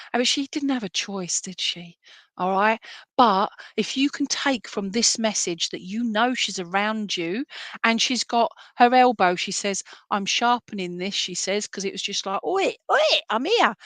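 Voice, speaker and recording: Gentle British woman medium, dry sound. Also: medium pitch, no room sound. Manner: gentle, reassuring, checking in with "all right?" and "okay?". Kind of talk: giving a spirit message.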